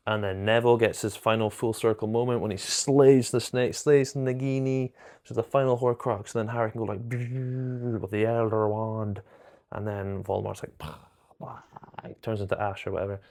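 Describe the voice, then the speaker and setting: A man with a low, gravelly voice talks casually to his viewers. He rambles with enthusiasm, stops to correct himself and loses his thread now and then. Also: level tone, normal speed, darkish tone. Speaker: film reviewer. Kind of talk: casual chat to camera.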